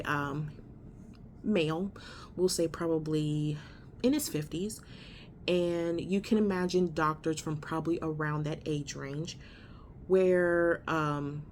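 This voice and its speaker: Lowish-voiced woman ranting casually from a hospital bed, blunt and sweary, faint hum behind. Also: a little mellow. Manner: blunt, profane, exasperated retelling. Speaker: vlogger. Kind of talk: casual storytelling vlog. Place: hospital room.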